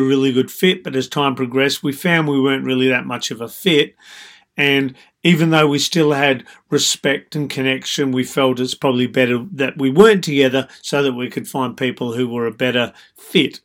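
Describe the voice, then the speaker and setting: A man speaks as a dating coach giving advice straight to the listener. His voice sits at a middle pitch, and his manner is calm and explanatory. He leans on "so" and "you know" as he walks through each point. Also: moderate pace. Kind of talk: advice monologue.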